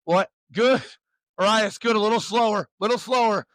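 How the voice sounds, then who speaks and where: A man coaching young pitchers through a warm-up, loud and upbeat, teasing the players between drills. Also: normal speed, dry recording.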